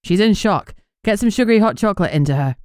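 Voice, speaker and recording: A woman voicing a brisk woman officer who speaks in a clipped, caring way. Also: mid-range voice, expressive, darkish tone, smooth, no room sound, clean studio sound, voice pushed up, close to an everyday voice.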